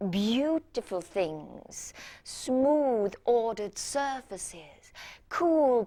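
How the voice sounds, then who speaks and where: A woman playing a self-doubting hospital doctor in a stage monologue, halting and stammering with restarts. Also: a little high. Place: stage performance.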